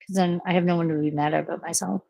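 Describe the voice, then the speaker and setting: A low-pitched woman in middle age, talking in a blunt, rambling way and swearing freely. Her voice sits close and dry, with little room sound around it. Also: fairly even intonation, quick pace, creaky, mellow, no echo. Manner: frank, profane, rambling storytelling. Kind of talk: casual monologue.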